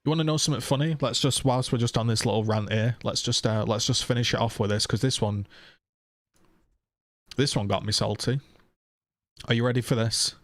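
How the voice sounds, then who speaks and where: A male streamer in a heated, sweary rant, throwing rhetorical questions at his audience. His voice sits at an everyday middle pitch. The sound is dry and close, with no room around it. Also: steady tone, fairly quick, long pauses, no echo. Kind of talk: casual live-stream rant.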